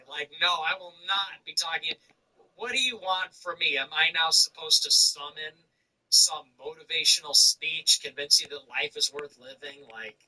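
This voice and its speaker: A man's voice: on the high side, pushed and bright, distant mic, low-quality recording. A man hosting a livestream, talking in a blunt, sardonic way with laughing asides. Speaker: livestream host. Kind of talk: casual livestream commentary.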